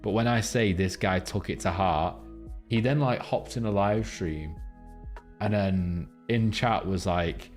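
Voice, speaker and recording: A man's voice: low-pitched, measured pace, darkish tone, soft background music. A man live-streaming, chatting crudely with his viewers and rambling between jokes and a chart lesson. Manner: crude, joking, rambling banter with chat.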